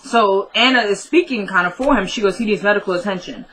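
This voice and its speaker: Woman, casual recapper, bright and forceful tone, chatty, quotes characters as she retells scenes. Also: mid-range voice, fast, poor audio. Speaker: TV episode recapper.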